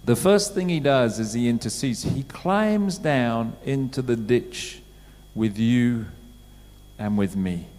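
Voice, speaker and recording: Slow and expressive, a middle-aged man's medium-pitched, darkish voice carries a sermon that feels like conversation, with questions put to the congregation. Long reverb from the church hall colors the sound.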